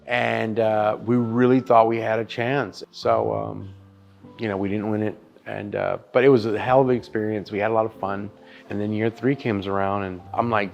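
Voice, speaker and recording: With vocal fry in his lowish voice and a moderate pace, a barbecue restaurant chef-owner in his thirties relates his story in a casual interview. He's animated, swears freely, and calls the listener "dude" and "brother," while faint music plays behind him.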